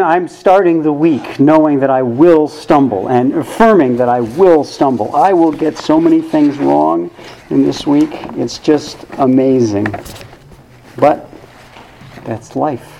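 A man's voice: on the high side, measured pace, gravelly, dark tone, low-quality recording. A man giving a conversational sermon to a church congregation, thoughtful and wry with casual asides. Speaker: worship service speaker.

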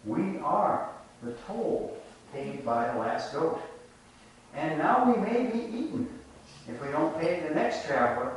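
A man's voice: on the high side, big pitch swings, slight background noise. A man preaching a reflective sermon, telling a folk tale and drawing lessons from it, recorded from a distance. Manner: reflective, measured storytelling. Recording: echoey room from a distant mic.

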